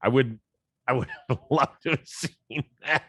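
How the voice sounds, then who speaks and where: A man from Ohio hosting a sports talk show, easygoing and quick to laugh in casual chat. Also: a bit bright, no room sound, clean studio sound. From Cleveland, Ohio. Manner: easygoing, laughs often, trails off low.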